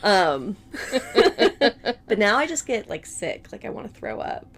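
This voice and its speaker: A woman's voice: mid-range voice, sing-song, measured pace, a bit bright. A woman co-hosting a podcast in casual chat, blunt and teasing, laughing often. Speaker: podcast co-host.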